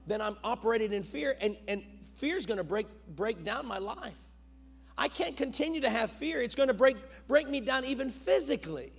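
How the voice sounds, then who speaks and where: A middle-aged male pastor with a creaky, husky voice preaches a sermon, shifting between loud, urgent bursts and low, quiet asides.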